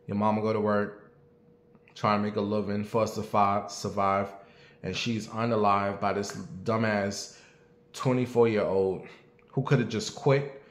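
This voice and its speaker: A man's voice: fairly low pitch, level tone, unhurried. A man in his late thirties hosting his own show, talking bluntly and with plenty of profanity in a casual commentary monologue, and asking his audience what they think. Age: late 30s. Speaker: show host. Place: at home. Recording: echoey room.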